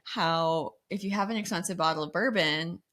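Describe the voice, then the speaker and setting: A woman co-hosting a podcast in casual chat, laughing often and animated, with a creaky low register. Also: moderate pace. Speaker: podcast co-host.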